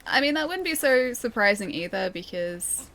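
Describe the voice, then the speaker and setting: A woman's voice: a little high, sing-song, moderate pace, pushed and bright, slight background noise. A woman with an Australian Melbourne accent, chatting casually with viewers while playing a game, laughing often. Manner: chatty, giggly, talks to chat. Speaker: streamer. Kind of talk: casual gameplay chat.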